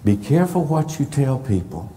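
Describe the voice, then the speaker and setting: A man's voice: mid-range voice, big pitch swings, normal speed, warm tone, slight background noise. Emphatic preacher man in a reverberant sanctuary. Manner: emphatic, stresses words for effect. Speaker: pastor. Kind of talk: sermon. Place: church sanctuary. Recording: long reverb of a church hall.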